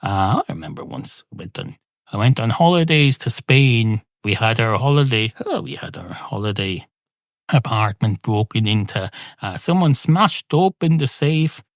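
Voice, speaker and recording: A man hosting a podcast, telling a rambling comic monologue in a deadpan, self-interrupting way with plenty of swearing. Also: lowish voice, moderate pace, no room sound, clean studio sound. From Ireland. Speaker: podcast host and narrator.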